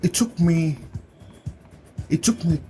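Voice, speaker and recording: A man hosting a podcast, telling personal stories in an animated way, laughing often and acting out what people said to him. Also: on the high side, slow, faint music behind. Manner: animated storyteller, laughs often, acts out quotes. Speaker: podcast host and coach. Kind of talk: casual conversational chat.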